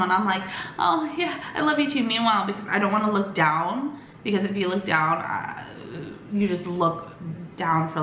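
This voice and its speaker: A woman's voice: mid-range voice, fairly bright tone, slight background noise. Chatty young woman in an echoey room. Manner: chatty, rambling, lots of "like" and "um"; acts out quoted lines with quick voice shifts. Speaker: vlogger. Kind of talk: casual storytime chat.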